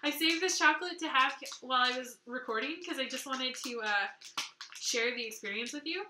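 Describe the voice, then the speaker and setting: A woman from Canada hosting a knitting video podcast, chatting excitedly to camera and gushing over gifts she received. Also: sits high, a little fast, reverberant, a little hiss or hum. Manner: excitable, gushing, laughs often. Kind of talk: casual chat to camera.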